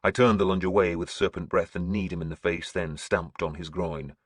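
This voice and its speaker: Deep husky guy reading an audiobook, grim and steady. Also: a little fast, no room sound, clean studio sound. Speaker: audiobook narrator. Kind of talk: scripted audiobook narration.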